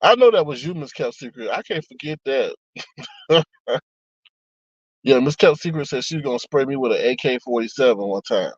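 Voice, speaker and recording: On a live stream, a man in casual chat reads viewers' comments aloud and responds, full of laughs and asides. His medium-pitched voice is animated and slightly rough, moving at a moderate pace with frequent pauses, in a dry recording missing the highs.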